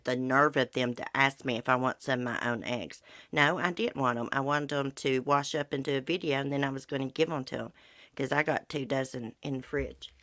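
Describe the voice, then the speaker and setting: A woman's voice: rumbling low, fairly even intonation, moderate pace, fairly bright tone, no echo, studio quality. A middle-aged woman hosting a livestream, ranting heatedly in folksy casual talk and answering viewer comments. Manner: heated, indignant, folksy rural talk with swearing. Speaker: livestream host.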